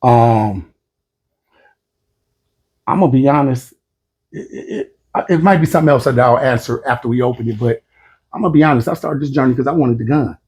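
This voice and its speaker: A man's voice: medium pitch, fairly quick, pauses often, a little mellow, breathy edge. A man in his fifties hosting his own vlog, talking unscripted to the camera in a blunt, plain-spoken way with casual slang. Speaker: vlog host.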